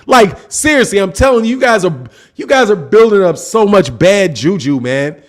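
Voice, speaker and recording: Over soft background music, a man with a high, expressive voice speaks at normal speed. He hosts a boxing channel and chats casually with his live chat in slang, repeating himself to stress his points.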